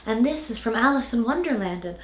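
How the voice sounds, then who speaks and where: A woman's voice: fairly high pitch, lively intonation, fairly quick, voice pushed up, natural voice. Woman doing a gushy lovestruck young ballerina, breathless, echoey room. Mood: gushing. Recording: roomy echo.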